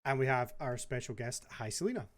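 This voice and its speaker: Brief: podcast host, mid-pitched voice, easygoing and quick to laugh, call mic. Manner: laughs often, relaxed banter. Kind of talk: casual gaming podcast chat.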